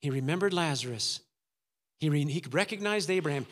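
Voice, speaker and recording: A man's voice: on the high side, lively intonation, a little fast, a bit bright, big-room sound. A man preaching a sermon, dramatic, acting out the voices of the story's figures. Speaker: pastor.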